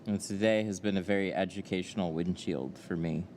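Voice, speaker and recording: A man's voice: sits low, fairly even intonation, fairly quick, a little mellow, a little hiss or hum. A man who runs a window tint shop, joking in casual banter and then quoting prices to a customer over the phone. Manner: joking and self-mocking in banter, plain and businesslike on the phone. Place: tint workshop.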